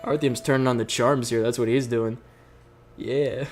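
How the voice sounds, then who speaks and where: A man's voice: mid-range voice, fairly even intonation, normal speed, faint music behind. A young man reading a visual novel aloud as host, with jokey, laughing asides between lines. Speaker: let's play host.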